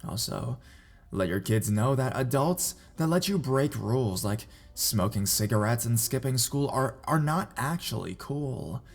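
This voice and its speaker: A man reading reader-submitted scary stories aloud in a measured, even narration. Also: mid-range voice, creaky. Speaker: horror story narrator.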